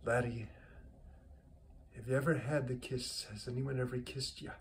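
A man voicing a young woman, asking softly. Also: mid-range voice, steady tone, moderate pace, slight background noise, close to an everyday voice. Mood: curious. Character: curious young Irish woman.

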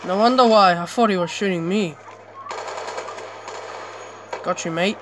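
A young male gamer talks through his match at home, drawling slowly, then bursting into loud yelps whenever something happens. A steady hiss of background noise sits under his voice. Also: high voice. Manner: excitable, sudden yelps and exclamations, chatty asides. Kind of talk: live gameplay commentary.

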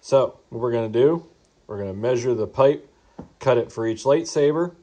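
A man's voice: mid-range voice, moderate pace, dark tone. A man vlogging about a DIY project, telling a shopping story in a casual, rambling, amused way with fillers and restarts.

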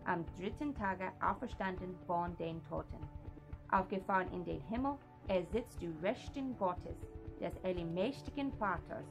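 Woman reciting a creed over music. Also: fairly low pitch. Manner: steady, measured recitation.

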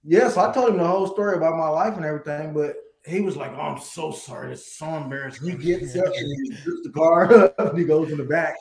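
A middle-aged man, a guest singer, telling stories in a casual interview, animated and laughing. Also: fairly high pitch, fast talker, hardly any pauses, reverberant, low-quality recording.

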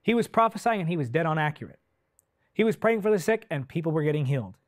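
A man preaching with a fairly high voice and real fervor. His voice swells loud and then sinks to near quiet, and he stretches key words out slowly. The sound is dry and close, with no room around it. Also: expressive, dry recording. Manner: impassioned, swells loud then drops soft; slow, drawn-out delivery when stressing key words. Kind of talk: sermon.

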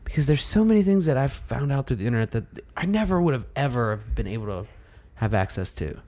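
A man's voice: mid-range voice, very animated, quick pace, warm tone. A man co-hosting a podcast, chatting casually with blunt opinions and jokes. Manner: opinionated, joking. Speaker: podcast co-host. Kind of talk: casual chat.

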